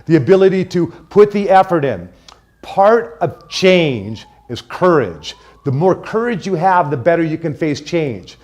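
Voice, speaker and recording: Male classroom trainer, energetic, call-and-response delivery, slightly high voice. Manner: energetic, prompts the class to repeat phrases.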